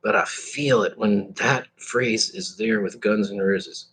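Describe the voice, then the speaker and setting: Husky man musing in a rambling monologue. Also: lowish voice, fairly even intonation, a bit bright. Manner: meandering, halting, with bits of sung lyric and laughter. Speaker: vlogger.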